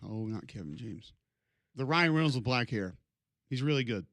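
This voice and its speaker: A man's voice: medium pitch, normal speed, gravelly, no room sound. A man co-hosting a morning sports radio show, chatting casually with opinionated, rambling takes. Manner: opinionated, rambling, lively tangents. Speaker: radio sports talk co-host.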